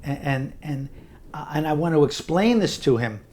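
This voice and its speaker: A man's voice: on the high side, animated, moderate pace, dark tone. Older man telling his own story. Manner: earnest, conversational, with frequent small restarts. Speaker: memoir narrator. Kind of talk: personal storytelling narration.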